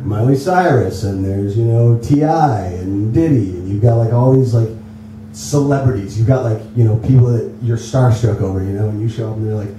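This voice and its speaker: A young man, a musician guest in a casual radio interview, telling rambling, animated stories. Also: on the low side. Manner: animated storyteller, quick and rambling, many "like"s. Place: radio station studio. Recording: echoey room, distant mic, noisy.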